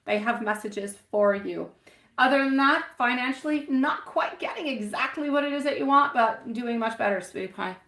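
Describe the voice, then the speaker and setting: A woman's voice: fairly high pitch, moderate pace, fairly bright tone. A woman giving a live-stream tarot reading, chatty and affectionate, often laughing at herself.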